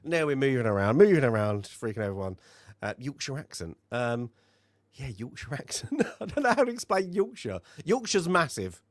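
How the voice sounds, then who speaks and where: A man co-hosting a film review show, chatting loosely and rambling through his points with plenty of fillers and restarts. His voice sits at a middling pitch. The sound is dry and close, with no room in it. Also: big pitch swings, moderate pace, no room sound. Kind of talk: casual chat.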